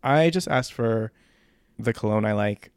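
A man's voice: lowish voice, a little slow, smooth, dry recording, clean studio sound. A man co-hosting a podcast, gossiping in a laid-back way and trailing off with fillers. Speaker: podcast co-host. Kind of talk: casual chat.

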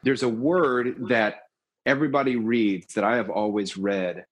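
A man's voice: fairly low pitch, fairly bright tone. A man in casual discussion, talking with animation and acting out lines with emphasis.

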